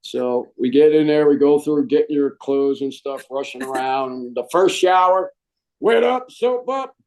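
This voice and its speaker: A middle-aged man, a Marine veteran, telling stories in a casual interview, animated and jokey and saying "man" a lot. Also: a little high, unhurried, poor audio.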